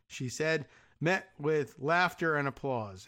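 A man's voice: fairly high pitch, lively intonation, a little slow, bright, forceful tone. A middle-aged man hosting a political talk show, reading news coverage aloud with sarcastic, wry asides. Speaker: podcast host.

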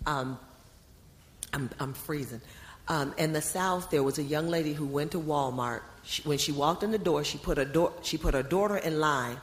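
A woman's voice: sits low, normal speed. A woman in the audience asking a question, hesitant, with stumbling restarts. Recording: roomy hall echo.

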